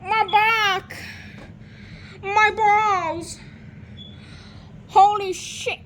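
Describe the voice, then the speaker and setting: Frantic shrieky high woman, puppet skit. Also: steady tone, drawn-out words, fairly bright tone. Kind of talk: excited puppet comedy skit. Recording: noisy background hiss.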